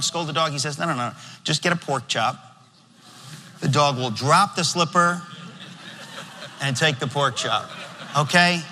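A man's voice: high voice, sharp tone. A man preaching a sermon and leading prayer in a church, fervent and emphatic, repeating his phrases for weight. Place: large church hall. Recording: long church hall reverb.

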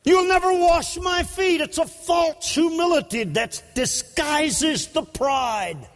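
High-voiced preacher, slow and impassioned. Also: male voice. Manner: impassioned, breaking into shouts for emphasis. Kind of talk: sermon. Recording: long hall reverb.

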